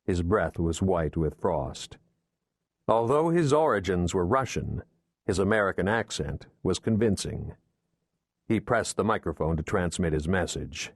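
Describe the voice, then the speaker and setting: Male audiobook narrator, low voice, dry close sound, steady thriller reading. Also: dry recording. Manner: measured, steady storytelling.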